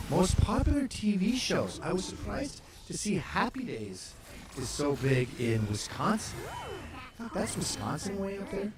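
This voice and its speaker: A man hosts a loose comedic chat, his pitch leaping around as he riffs. He swears freely and cracks jokes at each thing he reads. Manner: profane, animated, wisecracking. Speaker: host. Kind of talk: casual comedic chat reacting to maps.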